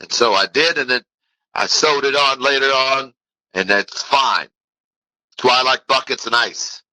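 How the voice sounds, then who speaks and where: A man impersonating the ghost of an older football coach, rambling from one nonsensical story to the next with sudden jumps in pitch. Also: measured pace, sharp tone, no echo, poor audio. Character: rambling dead old football coach calling from heaven.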